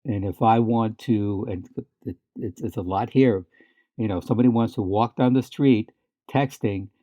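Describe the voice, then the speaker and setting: A man's voice: fairly low pitch, moderate pace, warm tone, dry recording. A man co-hosting a podcast, telling stories in casual chat with many restarts and fillers, laughing now and then. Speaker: podcast co-host.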